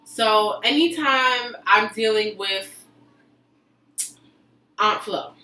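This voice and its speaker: Blunt high-voiced woman in echoey room. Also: extremely slow. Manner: blunt, profane, animated storytelling. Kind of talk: casual group chat. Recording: echoey room, mic from a distance, faint noise.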